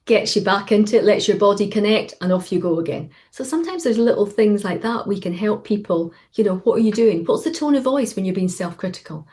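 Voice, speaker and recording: Woman, middle-aged, coach, casual talk, storytelling, acts out quotes, video call. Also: medium pitch. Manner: animated storytelling, acting out quoted voices.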